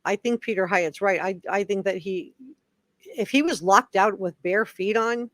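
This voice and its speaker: A woman's voice: mid-range voice, measured pace, no room sound. A woman talks straight into a close mic in a dry, dead room. She chats casually as a live stream host, greets viewers by name and keeps apologizing in asides. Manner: chatty, reads viewer comments aloud, apologetic asides.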